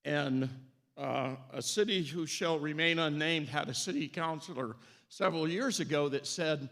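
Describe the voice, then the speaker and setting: A man's voice: fairly high pitch, moderate pace, pushed and bright. Folksy male mayor giving a speech. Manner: folksy, upbeat, with fillers and restarts. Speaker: city mayor. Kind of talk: short public speech.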